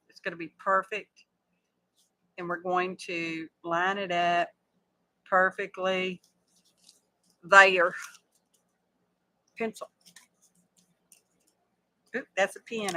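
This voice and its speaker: A woman hosts a crafting live stream in an unhurried, drawn-out way. Her voice is bright and forward as she chats to viewers. She teases herself and talks her way through every fold and score. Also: lowish voice, steady tone. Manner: chatty, self-deprecating, talks through her crafting steps. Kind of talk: casual craft livestream chat.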